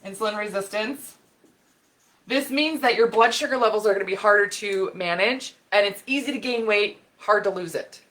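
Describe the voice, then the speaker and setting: A woman health expert giving an animated talk on camera, getting fired up and laughing as she explains while sketching on a board. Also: medium pitch, normal speed. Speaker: women's health and hormone expert. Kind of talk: educational video talk.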